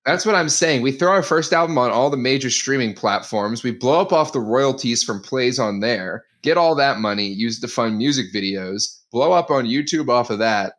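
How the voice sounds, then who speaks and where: A young man co-hosting a podcast, rambling excitedly with many fillers in casual chat. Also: medium pitch, normal speed, few pauses. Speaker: podcast co-host.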